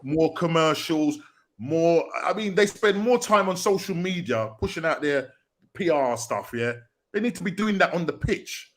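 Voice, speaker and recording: A man co-hosting a podcast in casual football chat, with a quick, chatty manner. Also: fairly high pitch, animated, fairly bright tone. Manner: chatty, quick back-and-forth with fillers. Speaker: podcast co-host.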